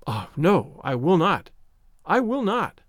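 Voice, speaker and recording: A desperate young woman from an old storybook, pleading and wailing in a high, swooping voice, as a male reader puts her on. The recording is dry and close, with no room sound. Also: sing-song, takes it slowly, no echo, heavily acted. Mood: distraught. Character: young distressed woman, anxious and remorseful.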